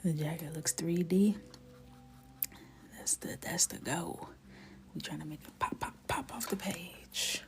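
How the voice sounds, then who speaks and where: Gravelly-voiced woman chatting on a live stream. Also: fairly low pitch, unhurried, long pauses. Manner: chatty, greets viewers by name, drifts into soft whispers. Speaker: illustrator live-streaming while coloring. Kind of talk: casual live-stream chat.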